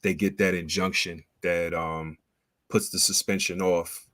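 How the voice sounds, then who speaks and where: A man co-hosting a casual sports chat, laid-back and hesitant, often pausing on fillers as he talks. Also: low-pitched, level tone, a bit bright, no room sound.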